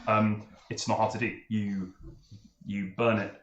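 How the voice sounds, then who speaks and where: A man's voice: lowish voice, flat delivery, unhurried, reverberant, muffled recording. A man narrating a tabletop game as game master, with many ums and frequent laughter. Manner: laughing, hesitant with fillers.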